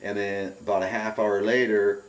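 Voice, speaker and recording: A middle-aged man giving a rambling, animated personal account in an interview, often repeating his words. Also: on the low side, normal speed. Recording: roomy and distant from the mic.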